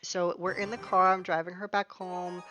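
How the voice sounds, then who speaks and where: A woman's voice: on the low side, flat delivery, moderate pace, bright, forceful tone, faint music behind, low-quality recording. A sarcastic, swearing young woman telling a story. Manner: sarcastic, profane, exasperated. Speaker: storytime streamer. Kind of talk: storytime vlog.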